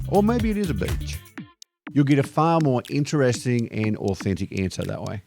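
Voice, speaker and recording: An Australian man narrates his vlog in an upbeat, chatty way and drops plenty of slang. His voice sits in an ordinary middle register, and clear music plays behind him throughout. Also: mid-range voice. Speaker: expat vlogger host. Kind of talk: scripted narration. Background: background music.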